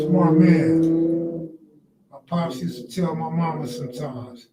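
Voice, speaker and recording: A man's voice: fairly high pitch, unhurried, mellow, echoey room, recorded from a distance, a little hiss or hum. A man hosting a casual live stream, joking loosely with his chat and laughing often. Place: outdoors near the ocean.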